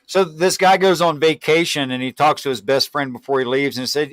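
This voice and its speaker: Male host, somewhat high voice, animated storyteller, dry close sound. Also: fairly quick, hardly any pauses, no room sound. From United States. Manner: animated storyteller, laughs readily. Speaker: live stream host. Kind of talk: casual chat, telling jokes.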